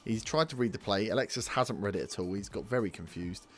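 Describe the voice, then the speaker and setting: A young man hosting a let's play commentates on his football management game in a lowish voice at a quick pace. He scolds his players and swears out of frustration.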